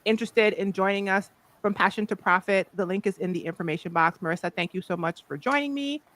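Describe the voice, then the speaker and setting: A woman's voice: mid-range voice, fast, a bit bright. A playful woman from the Virgin Islands hosting a casual chat as a life coach. She jokes, laughs often and talks loosely to her viewers.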